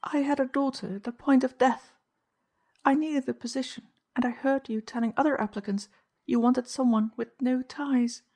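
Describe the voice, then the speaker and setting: A woman reading aloud, voicing a distraught housekeeper who confesses her wrongs in a high, pleading voice. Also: steady tone, normal speed, darkish tone.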